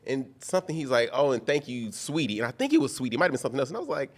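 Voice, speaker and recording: A man co-hosting a podcast in casual chat, expressive and quoting people in raised voices. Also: medium pitch, racing. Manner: expressive, swoops up when quoting others. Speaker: podcast co-host.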